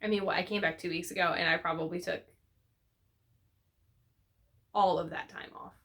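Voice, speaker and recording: A woman's voice: fairly low pitch, fairly even intonation, fast, fairly bright tone. A woman hosting a knitting podcast, chatting casually and rambling with many fillers and self-corrections. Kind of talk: casual chat to camera.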